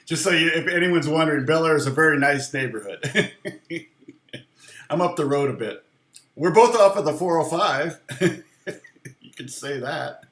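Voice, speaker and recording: A man's voice: on the high side, moderate pace, long pauses, a bit bright, reverberant. A man teaching guitar on a casual live stream, chatting with viewers in a self-deprecating way and laughing often.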